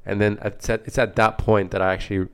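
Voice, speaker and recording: A man's voice: on the low side, level tone, fast, smooth. A young Australian man co-hosting a podcast in casual chat, rambling with lots of "like" fillers, slightly under the weather with a flu. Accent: neutral Australian. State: recovering from the flu. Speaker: podcast co-host.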